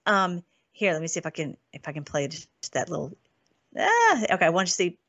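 A woman hosting an online show, talking casually and excitedly, reading scripture aloud and laughing often. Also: lowish voice, brisk, a crowd in the background. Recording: dull lo-fi sound.

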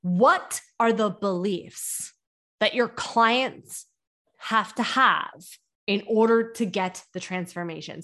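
Energetic and full of rhetorical questions, a young woman in her mid-range voice coaches business owners on her instructional podcast.

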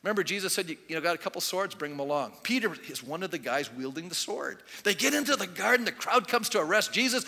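Male pastor, animated storyteller, forceful bright tone, long hall reverb. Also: fairly high pitch, a little fast. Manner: animated storytelling, acting out quoted voices. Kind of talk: sermon.

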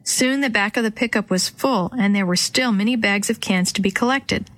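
Female narrator for a kids' storybook, dry close recording, gentle character voices. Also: mid-range voice, normal speed, no echo. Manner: reads dialogue with light character voices. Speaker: audiobook narrator. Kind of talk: children's storybook reading.

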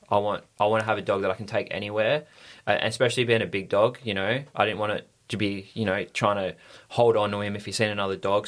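Easygoing Australian man, lowish voice. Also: a bit bright. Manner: easygoing, rambling with many fillers. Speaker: podcast guest, stunt rider. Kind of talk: casual storytelling.

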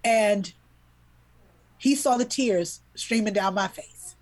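A woman's voice: medium pitch, slow, a little mellow. A woman, a children's book author and illustrator, telling a heartfelt story as a podcast guest, earnest and emotional, repeating words when moved.

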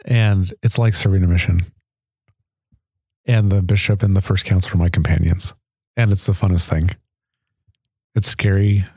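Guy chatting on a podcast, kinda low mellow voice, earnest, laughs a lot. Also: steady tone, moderate pace, long pauses, breathy edge, no echo, studio quality. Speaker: podcast guest. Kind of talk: casual storytelling.

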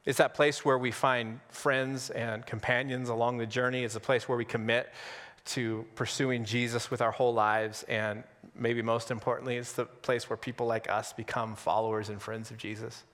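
A male pastor preaching an Easter sermon in a conversational, humorous way, with dramatic pauses. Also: medium pitch, fairly bright tone, in a large hall. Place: church sanctuary on Easter Sunday.

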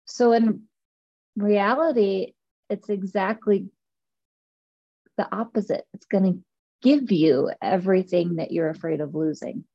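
A woman guides a client through a coaching exercise, echoing the client's worries back to her. Her voice is mellow and dark-toned. The recording is a bit dull and lo-fi. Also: mid-range voice, a little slow, long pauses. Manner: empathetic, reflects back the client's fears. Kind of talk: coaching session.

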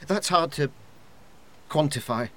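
A man's voice: fairly high pitch, expressive, a little slow, fairly bright tone. A man playing a blunt, impatient colleague in a comedy sketch, curt and matter-of-fact.

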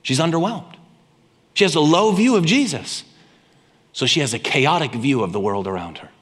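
A man preaching a sermon with impassioned delivery, swinging between loud emphasis and quiet intensity. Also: on the high side, expressive, normal speed. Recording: long hall reverb.

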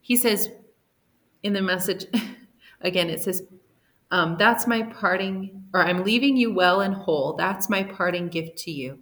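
Woman, mid pitch, soft-spoken, affirming murmurs, lively paraphrasing of scripture in a casual chat. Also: measured pace. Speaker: bible study co-host. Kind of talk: casual bible study discussion.

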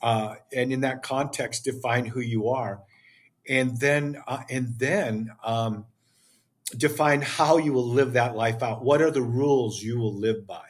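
A man's voice: medium pitch, unhurried, slightly rough. An older man as a podcast guest, speaking with passion in an emphatic, preachy way. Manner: emphatic, preachy, acts out dialogue. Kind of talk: impassioned interview talk.

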